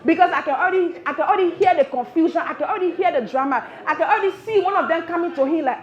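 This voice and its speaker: A woman from Liberia with a Liberian English accent doing animated live stand-up comedy, acting out voices as she goes. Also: very high voice, rapid-fire, hardly any pauses. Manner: animated, acts out voices, laughs through lines. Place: cafe stage with live audience. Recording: roomy, dull live venue recording.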